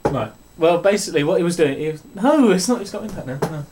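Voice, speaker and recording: A man's voice: a little high, animated, fast talker, noisy background. A young man, co-hosting a casual podcast, joking around and reading in a mock-dramatic way. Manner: joking, mock-dramatic, laughs through his own jokes. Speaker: podcast co-host.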